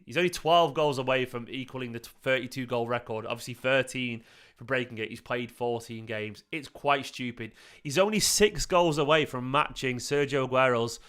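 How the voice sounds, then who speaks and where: A man hosting a casual fan livestream, excitable and rambling, urging viewers to act. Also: medium pitch. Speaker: host of a fan channel. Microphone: desk mic.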